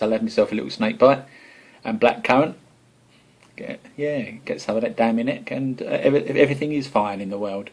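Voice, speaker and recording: A man's voice: fairly low pitch, fairly even intonation, brisk. A man with an Essex accent chatting casually to camera about his homebrew, rambling and self-deprecating. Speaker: homebrew vlogger.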